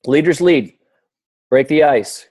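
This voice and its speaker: A man's voice: fairly high pitch, expressive, slow, a little mellow, no room sound. A man hosting a weekly team video call, giving an earnest, rambling motivational talk full of restarts and fillers.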